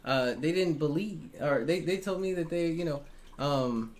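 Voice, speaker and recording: A tarot reader talks straight to a live-stream audience in an earnest, defensive way. The voice sits in a middle pitch, and speech is loose and conversational, full of fillers and repeated phrases that drive a point home. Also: measured pace, a little mellow. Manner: frequent fillers like "right?" and "man". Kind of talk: casual live-stream talk to viewers.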